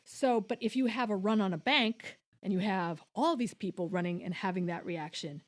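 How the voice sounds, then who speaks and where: A woman's voice: medium pitch, normal speed. A woman co-hosting a podcast, explaining things at length in casual chat, with many restarts and quoted voices. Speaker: podcast co-host.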